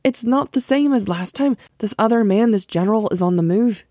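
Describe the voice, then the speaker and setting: A woman's voice: mid-range voice, brisk, warm tone, no room sound, studio quality, pitched above the performer's own voice, close to an everyday voice. A woman reading the part of an anxious village man who insists on his warning. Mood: urgent. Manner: urgent, pleading.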